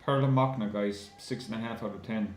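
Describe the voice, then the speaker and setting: A man's voice: lowish voice, a little fast, faint music behind. Chatty man in a roomy echo. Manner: chatty, addresses viewers as guys, many ums. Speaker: beer reviewer. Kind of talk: casual video review.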